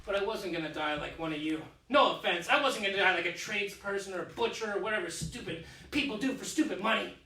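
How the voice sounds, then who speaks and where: A man in his thirties playing a vain, childish deposed emperor in a comic solo stage monologue, petulant and self-pitying, swinging from whiny to booming, performed in a living room. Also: fast talker, few pauses, pushed and bright. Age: 30s. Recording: echoey room, mic far off.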